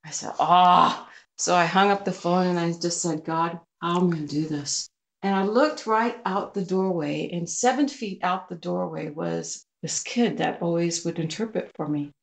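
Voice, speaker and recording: A woman missionary guest telling a personal story, animated and acting out the voices she quotes. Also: fairly low pitch, moderate pace, creaky, hardly any pauses.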